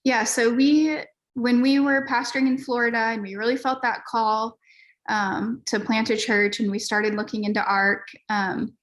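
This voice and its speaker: A woman's voice: fairly high pitch, steady tone, normal speed, a bit bright. A woman pastor, a guest on a podcast, telling her story in a candid, earnest, casual way with frequent fillers.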